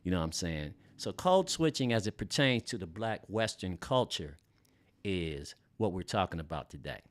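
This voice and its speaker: A man with a deep, low voice hosts a relaxed podcast. He is middle-aged and from Los Angeles, and he talks in an easygoing, slangy way, full of fillers and casual swearing, as if chatting with friends. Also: normal speed, dry recording. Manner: laid-back and loose, heavy on fillers and slang, swears freely. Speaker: podcast host.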